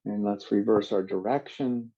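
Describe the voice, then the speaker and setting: A man leading a yoga workshop, giving calm, slow guided instructions with drawn-out cues. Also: on the low side, highs cut off.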